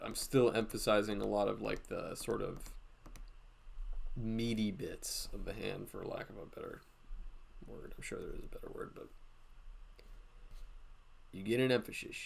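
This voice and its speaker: A man giving a casual live drawing lesson, walking through each step out loud with lots of "like" fillers. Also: mid-range voice, creaky. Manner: thinks aloud, step-by-step, frequent "like" fillers. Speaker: drawing instructor streaming a class.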